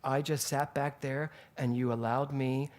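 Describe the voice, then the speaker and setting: A man's voice: mid-range voice, flat delivery, unhurried, a little mellow. A male minister giving a Sunday sermon in a spiritual center, telling stories animatedly and laughing along the way.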